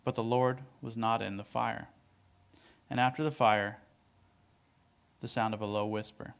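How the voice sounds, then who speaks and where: A man giving a relaxed Bible teaching, reading verses aloud and explaining them in a chatty, conversational way. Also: on the low side, a little slow, gravelly, smooth. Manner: conversational, lots of "like" and "right?", reads verses aloud. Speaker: preacher.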